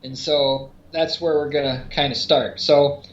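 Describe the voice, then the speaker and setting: A man with a slightly high voice talks through his explanations, circling back with fillers and restarts. His audio sounds echoey, as if recorded in a bare room. The sound is dull and lo-fi. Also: steady tone, a little slow. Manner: rambling, many restarts and fillers. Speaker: podcast co-host. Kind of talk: casual explanatory podcast talk.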